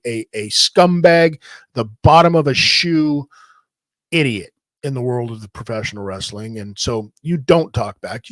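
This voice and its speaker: A man telling a long story in a casual, profane, animated way, often repeating himself. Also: medium pitch, no echo, clean studio sound. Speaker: podcast host telling a wrestling story.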